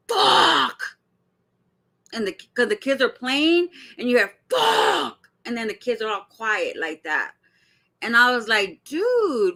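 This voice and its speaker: A woman hosts a reaction stream, speaking straight to her viewers. Her voice is bright and pitched a little high, and her delivery is blunt and animated, with swearing mixed into the casual chat. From Arizona. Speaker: commentary host.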